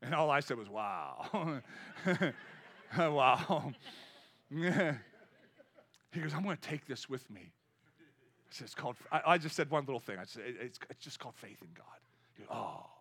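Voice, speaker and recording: A man in his fifties preaching a sermon with energy, swinging between loud exhortation and quiet storytelling. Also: mid-range voice, measured pace, long pauses, breathy edge. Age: 50s. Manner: energetic preaching, rising loud then dropping to soft storytelling. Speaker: pastor.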